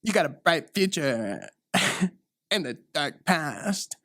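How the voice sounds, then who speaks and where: A man's voice: fairly high pitch, very animated, slow, sharp tone, no room sound, studio quality, exaggerated voice. A man voicing a bratty, bored teenage girl who tells fortunes, whiny and dismissive.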